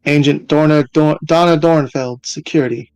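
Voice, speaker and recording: A man voicing a female security agent who speaks in a crisp, businesslike way. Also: fairly high pitch, steady tone, normal speed, a little mellow, no room sound, lightly acted. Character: woman security agent, brisk and official.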